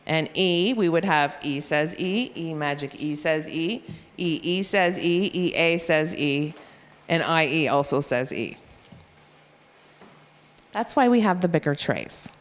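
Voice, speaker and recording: Reading teacher in an echoey hall. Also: female voice, sits low, animated, a little slow. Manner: explanatory, sounds out letters and spellings. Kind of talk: professional development talk to teachers. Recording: long hall reverb.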